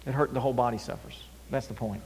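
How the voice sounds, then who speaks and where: A male pastor preaching a sermon, animated, swinging between loud emphasis and near-whispers. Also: mid-range voice, quick pace. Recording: long hall reverb.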